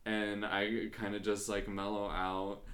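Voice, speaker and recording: A man's voice: on the low side, little pitch movement, measured pace, a bit bright. A young man hosting a podcast, talking casually and full of "like" fillers. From Kentucky, United States. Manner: chatty, many "like" fillers. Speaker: podcast host.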